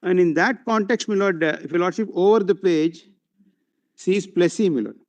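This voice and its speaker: A man's voice: high voice, normal speed. A man with an Indian English accent arguing before a court, reading out passages and citations and constantly addressing the bench as my lord. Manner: reads out passages and page citations. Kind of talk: formal courtroom argument.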